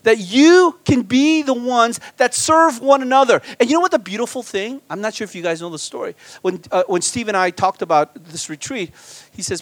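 A man preaching as a guest pastor at a church retreat, animated, swinging between loud emphasis and quiet asides. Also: extremely high pitch, normal speed, no room sound. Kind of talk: sermon.

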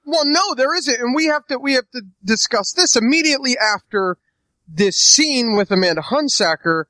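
Bright high-voiced man chatting easily. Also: animated, normal speed, no room sound. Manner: easygoing, laughs often. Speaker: podcast co-host. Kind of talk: casual movie-review chat.

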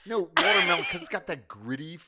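A man's voice: fairly high pitch, animated, quick pace, a crowd in the background. A man with a Baltimore accent joking and mocking himself on a podcast. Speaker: podcast co-host. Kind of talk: casual chat.

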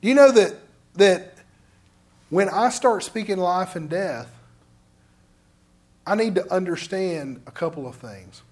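A man's voice: sits high, a little mellow. A man pastor preaching a sermon in a conversational, direct way to his congregation.

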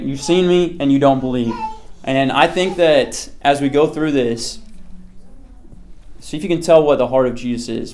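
A Bible teacher with a mid-range, slightly mellow voice leads an interactive lesson for a live group in the room. His style is conversational, and he keeps checking in with "okay?"

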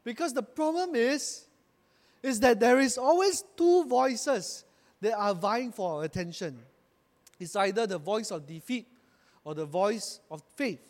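A pastor with a high voice preaches a sermon in emphatic, rising bursts, calling on the congregation to repeat lines after him. A long reverb rings around him, like a church hall.

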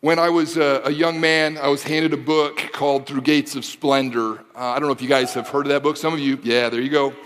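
A man's voice: medium pitch, fairly even intonation, a little fast, hardly any pauses, fairly bright tone, in a large hall, slight background noise. A man in his forties from the Detroit area preaching a sermon, building to impassioned repeated phrases and mixing in casual asides to the audience. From Michigan, Detroit area. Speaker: pastor.

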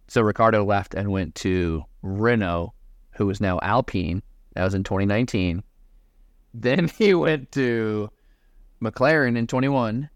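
Animated man hosting a racing podcast. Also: lowish voice, dry recording, studio quality. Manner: animated, swears, laughs often. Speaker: podcast host. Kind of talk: casual chat.

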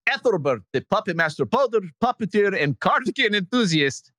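A man's voice: high voice, sing-song, brisk, sharp tone, dry recording, studio quality, voice pushed up, heavily acted. A man putting on a mock Estonian puppeteer. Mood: gushing. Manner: breaks into laughter while reading. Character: enthusiastic Estonian male puppeteer fan. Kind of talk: comic reading of a listener letter.

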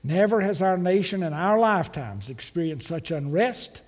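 A man's voice: high-pitched, expressive, normal speed, big-room sound. A man preaching a Christmas sermon as pastor, asking many rhetorical questions and leading the congregation in call-and-response. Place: church sanctuary.

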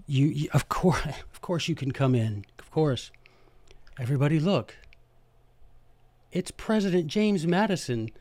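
A man hosting a jokey history lesson, talking playfully and emphatically with quick asides, close to the microphone. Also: a little high, big pitch swings, darkish tone, dry recording. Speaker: host.

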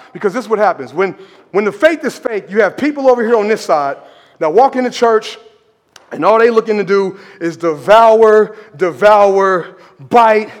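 A man preaching a sermon as pastor, emphatic and animated, repeating words for effect and calling out to the congregation. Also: high voice, big-room sound. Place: church hall.

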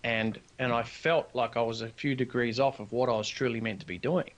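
A man's voice: mid-range voice, brisk. A man, a business founder telling a personal story as a podcast guest, earnest and acting out the dialogue. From New Zealand. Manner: earnest, animated storyteller who acts out quoted dialogue.

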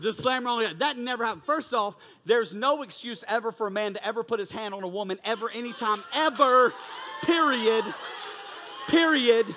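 A young man giving an energetic, conversational youth sermon and often asking "you know what I'm saying". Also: high voice. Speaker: youth pastor. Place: large church auditorium. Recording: long hall reverb.

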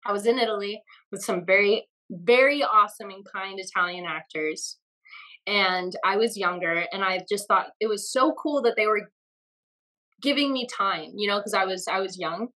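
A woman guest on a podcast telling stories in a lively, chatty way and laughing often. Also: mid-range voice, moderate pace, poor audio. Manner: animated storyteller, laughs often. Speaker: guest actress. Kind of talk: casual podcast interview.

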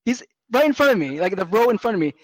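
A man co-hosting a casual chat, telling stories with animated voices for other people. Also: sits high, fast talker, dry recording. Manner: animated storytelling, mimics people loudly. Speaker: podcast co-host.

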